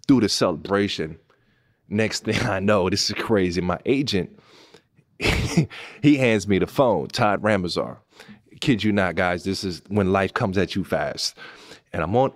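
A man in his thirties from Pasadena, hosting a podcast and telling a story animatedly, swinging between hushed asides and excited outbursts. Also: fairly low pitch. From Pasadena, California. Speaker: podcast host.

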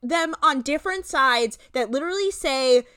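A woman's voice: high-pitched, lively intonation, normal speed, bright, forceful tone, no room sound, clean studio sound. A young woman co-hosting a casual podcast, recapping a reality show with lots of fillers and voiced-out quotes. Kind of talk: casual chat.

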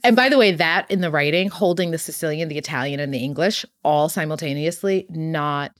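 A woman's voice: deep voice, fairly quick, no room sound. A woman author talking animatedly in an interview, full of "you know" and "like", acting out quotes as she tells stories. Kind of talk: casual interview chat.

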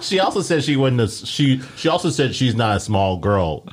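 A man's voice: mid-range voice, very animated, normal speed. A man in a casual podcast chat who keeps teasing his friend and laughs often. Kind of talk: casual banter.

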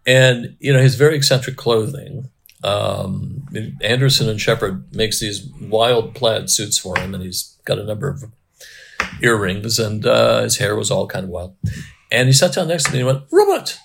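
A man's voice: lowish voice, normal speed, creaky, a bit bright, husky. A middle-aged man, a cinematographer guest, telling rambling anecdotes in casual interview chat.

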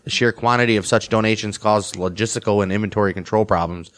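Man, podcast co-host, reads fast, lowish voice, cracks jokes between facts. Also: steady tone, a bit bright. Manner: quick, joking asides. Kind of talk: reading history and casual chat.

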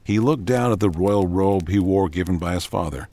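A man giving a measured, dramatic narration of a story. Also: sits low, warm tone.

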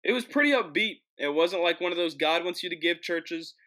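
Bright-voiced young man telling a travel story. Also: sits high, brisk. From United States. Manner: animated, jokey, frequent restarts. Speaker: host. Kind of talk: casual storytelling monologue.

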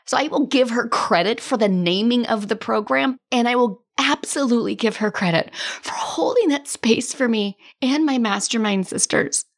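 A woman's voice: fairly high pitch, moderate pace. Emotional woman hosting a coaching podcast. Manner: earnest, emotional, talks through tears at times. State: strained, worn voice. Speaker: podcast host and business coach. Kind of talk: solo podcast monologue.

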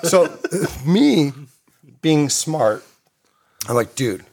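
A man's voice: medium pitch, animated, normal speed. A man in his fifties from California, telling a long casual anecdote, swearing heavily, rambling, and laughing often. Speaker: storyteller guest.

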